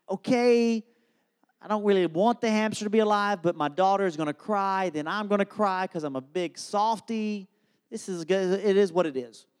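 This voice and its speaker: A pastor preaching a sermon opens with a funny family story before getting to his message. He's a humorous, animated storyteller with a high, smooth voice.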